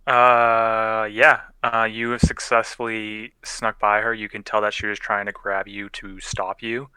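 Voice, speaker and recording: A man's voice: lowish voice, bright, forceful tone, clean tone, no room sound, low-quality recording. A young man casually narrating as game master of a tabletop game, loose and profane, often laughing.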